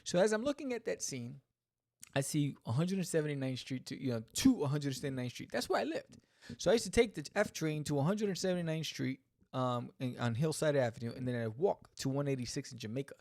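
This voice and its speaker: A man hosting a podcast, reviewing a comic in a casual, animated way full of joking asides. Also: on the high side, a little fast, dry recording, studio quality.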